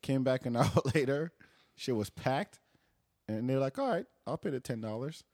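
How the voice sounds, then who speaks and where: A man's voice: medium pitch, lively intonation, normal speed, a little mellow, no echo. Podcast co-host, male, French accent, loose joking delivery, dry studio sound. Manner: loose, joking, trails off and restarts. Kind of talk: casual group chat. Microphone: studio mic.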